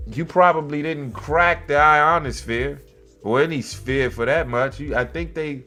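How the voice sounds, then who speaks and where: A man's voice: unhurried, soft background music. A man hosting a podcast, reading a news article aloud and mocking it with profane, sarcastic asides. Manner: jumps between flat reading and loud, high outbursts. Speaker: podcast host. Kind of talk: casual news commentary.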